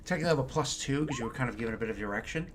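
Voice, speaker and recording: A man's voice: medium pitch, very fast, noisy background. A man running a tabletop game as game master, narrating in an easygoing, meandering way.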